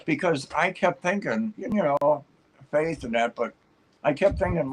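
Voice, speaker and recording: Husky-voiced man telling stories casually. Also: on the high side, lively intonation, measured pace, low-quality recording. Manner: rambling and upbeat with many fillers and restarts. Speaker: guest telling his life story. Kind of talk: casual storytelling on a talk show.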